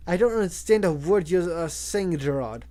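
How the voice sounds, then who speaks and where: A man's voice: sits high, expressive, moderate pace, mellow. A man reading a weary, patient man's lines. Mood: exasperated. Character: patient man on a road trip.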